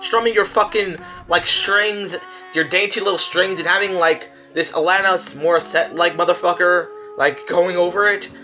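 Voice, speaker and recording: A man's voice: sits high, steady tone, moderate pace, bright, forceful tone, highs cut off, faint music behind. A man giving casual, profane commentary while ranking clips, ranting in disbelief and laughing. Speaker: video creator ranking clips.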